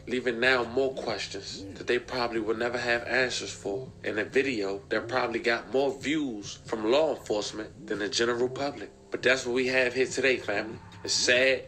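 Man, mid pitch, bright forceful tone, scripted recap narration.

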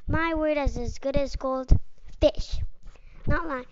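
High-voiced woman reading a storybook slowly. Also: steady tone. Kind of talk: reading a children's picture book aloud. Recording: muffled lo-fi recording with clear background noise.

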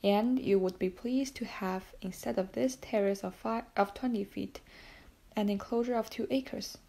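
Suave probing count, measured delivery; woman reader. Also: mid-range voice, steady tone, gravelly, dark tone. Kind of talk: audiobook character reading.

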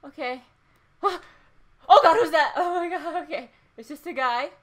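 A woman playing a horror game and reacting out loud, frightened, swearing, gasping and laughing nervously. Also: high voice, normal speed. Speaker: let's play gamer.

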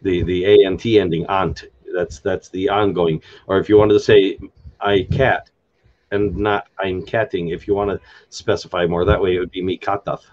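A man hosting an unscripted live stream, explaining word endings in a halting way with many fillers and restarts, often spelling words out letter by letter. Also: low-pitched, flat delivery, darkish tone, highs cut off. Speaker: live stream host explaining a constructed language.

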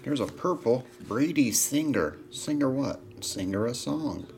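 Slow-talking man opening card packs. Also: medium pitch, animated, creaky. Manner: joking, chatty, calls out viewers by name. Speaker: card break host. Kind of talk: casual live box break chat. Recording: loud crinkling of card wrappers.

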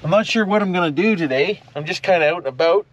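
Behind the wheel of an old pickup truck, a middle-aged man from Ontario, Canada rambles folksily to the camera and addresses animals he passes. He talks fast in a high-sitting voice; the dull audio from the cab-mounted camera is full of loud engine and road noise.

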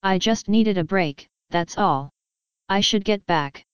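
A woman's voice: mid-range voice, slow, smooth, dry recording, dull audio, natural voice. A woman reading as a guarded, evasive young woman. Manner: oddly controlled, evasive. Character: withdrawn, grieving young woman.

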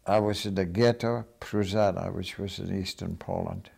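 A man's voice: deep voice, steady tone, normal speed, vocal fry, darkish tone, breathy edge. An older man giving plain, matter-of-fact testimony as a Holocaust survivor. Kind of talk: personal testimony.

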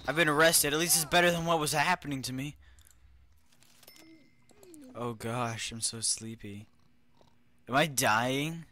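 A young man giving goofy let's-play commentary, swinging from quiet muttering to loud outbursts. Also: medium pitch, normal speed, pauses often. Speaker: gamer.

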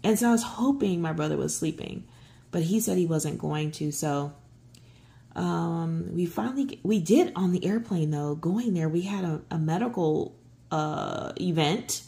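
Chatty woman, lowish voice. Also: measured pace, vocal fry. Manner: rambling storytelling with many fillers and restarts; excitable, voice jumps high when giddy. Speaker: coloring channel host. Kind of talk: casual chat while coloring.

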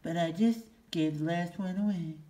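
An eager, kind young boy speaks high and earnest in a storybook read-aloud , voiced by a man. The voice sits well above the reader's own. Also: fairly even intonation, normal speed, mellow, natural voice.

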